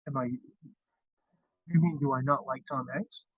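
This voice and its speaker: A man's voice: mid-range voice, fairly even intonation, a little slow, a bit bright, slightly rough, no echo. A man hosting a casual livestream chat, rambling with frequent restarts. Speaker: livestream host. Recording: dull lo-fi stream audio.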